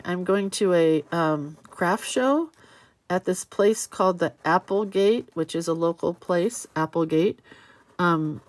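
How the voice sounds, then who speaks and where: A middle-aged woman hosting a casual crafting livestream, chatting as she works and reading viewer comments aloud with warm sympathy. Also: fairly low pitch.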